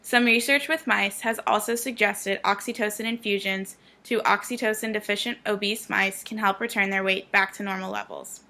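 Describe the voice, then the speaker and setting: A young woman plays a news anchor and reads from a script. Her voice is bright and forward, and her delivery is crisp and formal. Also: medium pitch, fairly even intonation, normal speed, few pauses.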